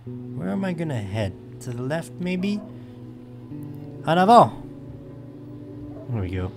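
A man hosting a let's play, talking about his game and shouting commands between chatty asides. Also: fairly high pitch, sing-song, moderate pace, gravelly, faint music behind. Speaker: gaming video host.

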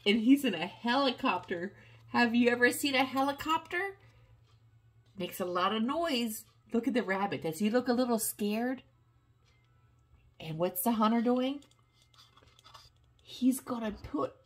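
A grandmotherly older woman with a slightly husky voice reads a picture book aloud to a little one. She takes her time, her pitch swooping up and down as she coaxes the child with questions. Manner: animated and coaxing, asking the child questions.

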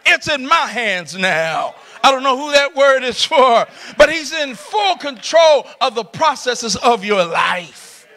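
High, bright-voiced preacher, animated. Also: male voice, a little slow. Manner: animated preaching, shouts and laughs with the congregation. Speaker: pastor. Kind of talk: sermon. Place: church sanctuary.

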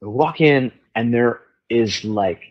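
A man guesting on a podcast, telling a story in casual chat, animated and swearing freely as he acts out other people's voices. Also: mid-range voice, slow, lo-fi sound. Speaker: guest musician.

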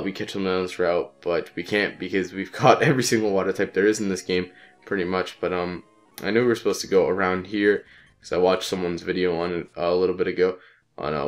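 Young male let's-player, low voice, stuffed up from a cold, offhand and cussing. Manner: rambling, profane, offhand. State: congested with a cold. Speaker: let's play commentator. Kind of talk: casual gameplay commentary.

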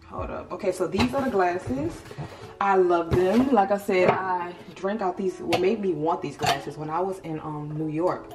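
A woman's voice: fairly low pitch, unhurried, heavy background noise. A woman of thirty chatting casually and expressively to her viewers in a vlog from her apartment. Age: 30s. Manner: expressive, animated, talks straight to viewers. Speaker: lifestyle vlogger. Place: apartment room. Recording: roomy echo with music behind.

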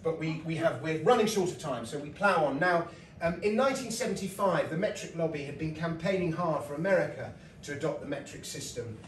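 In a lecture hall with a live audience, a middle-aged British comedian-lecturer spins chatty stories with laughs and asides. His fairly high voice is animated and fairly quick, barely pausing, recorded from a distance on a roomy hall mic with a little hiss or hum.

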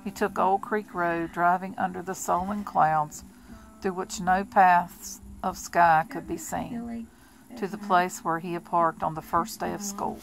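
A woman reading a novel aloud in a plain, steady amateur style with small restarts. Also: fairly low pitch, a little slow, creaky, slight background noise, low-quality recording. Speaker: audiobook reader.

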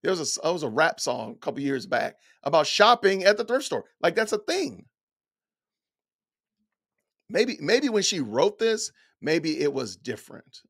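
Incredulous, animated middle-aged man. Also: on the high side, normal speed. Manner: incredulous, rhetorical questions, folksy. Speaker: commentator. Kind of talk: reading aloud and reacting to an essay.

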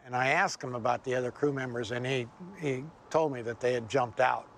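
An older man, a former helicopter pilot, recalling a crash calmly in a documentary interview. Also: medium pitch, a little fast, creaky, a little hiss or hum.

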